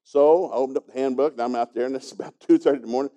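A man's voice: mid-range voice, very fast, warm tone, muffled recording. A man preaching a sermon, telling a folksy story and chuckling as he goes. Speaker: pastor teaching a congregation.

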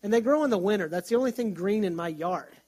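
A man's voice: high voice, expressive, fast talker, mellow. A middle-aged man, a pastor, preaching in a conversational way and telling stories, with frequent restarts. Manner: conversational, storytelling with self-restarts. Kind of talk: sermon.

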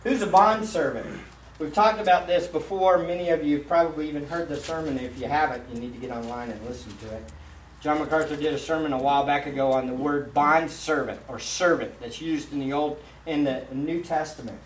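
A man, a pastor, preaching a sermon in a church sanctuary, emphatic and swinging between loud and hushed delivery. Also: on the high side, brisk, slight background noise. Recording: roomy echo, mic at a distance.

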